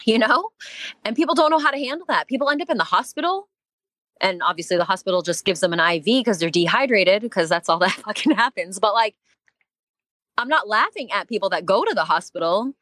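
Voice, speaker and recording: A woman's voice: medium pitch, lively intonation, brisk, fairly bright tone, dry recording. Emphatic woman in a dry room. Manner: emphatic, swears, laughs while talking. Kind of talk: casual podcast chat.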